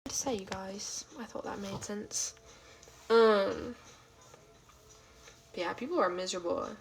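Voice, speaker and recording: A woman hosting a casual livestream from home, rambling with lots of fillers as she answers chat, now and then dropping into soft half-whispered asides. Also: mid-range voice, a little slow, faint music behind, poor audio. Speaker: livestream host. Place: at home late at night.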